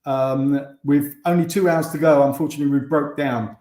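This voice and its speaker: A man's voice: a little high, fairly even intonation, normal speed, darkish tone, roomy sound. An English man, a former racing driver, chatting as a guest over a video call and often restarting his sentences. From England. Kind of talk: casual interview chat.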